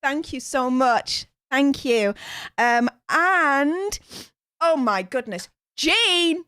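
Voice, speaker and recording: A woman's voice: high-pitched, extremely slow, dry recording, clean studio sound. A woman with a Northern English accent hosting a live stream from a home room, chatting and gushing with thanks, full of fillers. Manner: gushing, excitable, many fillers. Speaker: livestream host. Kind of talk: live reaction stream chat.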